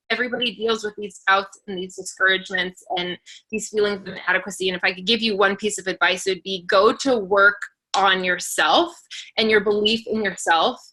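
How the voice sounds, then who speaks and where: A woman telling personal stories in a motivational talk, chatty and earnest, with lots of fillers and quick laughs. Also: medium pitch, bright, forceful tone. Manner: chatty, filler-heavy, laughs between phrases; earnest and encouraging. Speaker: motivational speaker for a sales team.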